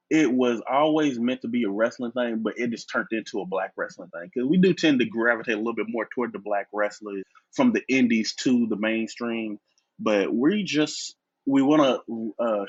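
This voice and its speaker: Relaxed male podcast guest, husky and dry, on slightly muffled audio. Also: mid-range voice, normal speed, no room sound. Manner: easygoing, laughs often. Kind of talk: casual interview chat.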